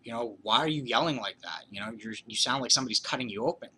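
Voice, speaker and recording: A man's voice: medium pitch, fast, pushed and bright, a little hiss or hum, poor audio. A man voicing an impatient mother who scolds her child to go to sleep. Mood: exasperated. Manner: impatient, dismissive.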